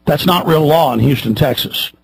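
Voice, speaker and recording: Gravelly man ranting on talk radio. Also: moderate pace, poor audio. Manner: fiery, ranting, swings from loud shouts to low mutters. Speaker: radio talk show host. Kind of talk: heated radio monologue. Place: radio studio.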